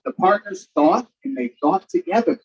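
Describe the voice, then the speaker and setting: Animated woman reading a children's story. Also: on the high side, moderate pace, far from the mic, muffled recording. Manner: animated, asks listeners to join in. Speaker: storytime reader. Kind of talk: children's story read-aloud.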